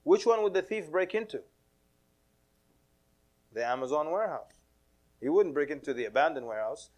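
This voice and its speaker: A man's voice: on the high side, expressive, moderate pace, a little mellow. A man giving a casual sermon to a mosque audience, telling stories with humor, acting out quoted voices and mixing in Arabic religious phrases. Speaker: Islamic preacher.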